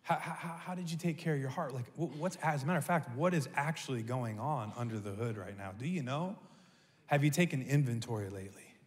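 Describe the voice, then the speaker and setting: A man preaching a sermon as a pastor, telling a story in an animated, humorous way. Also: medium pitch, fairly quick. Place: church sanctuary. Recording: echoey church hall.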